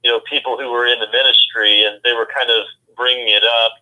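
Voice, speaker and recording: A man's voice: medium pitch, flat delivery, brisk. Man rambling over a tinny phone line. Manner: rambling, hesitant, full of fillers. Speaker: co-host. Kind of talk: casual podcast chat.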